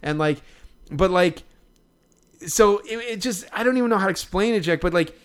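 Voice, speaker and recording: A man's voice: high voice, normal speed, smooth. A man telling a long story in casual chat, rambling and swearing freely as he goes.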